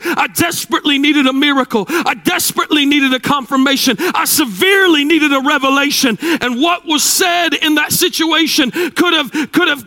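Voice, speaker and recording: Shouting preacher, high bright voice. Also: male voice. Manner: shouting, dramatic swings between loud and hushed; repetitive preaching cadence. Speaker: pastor. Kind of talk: sermon.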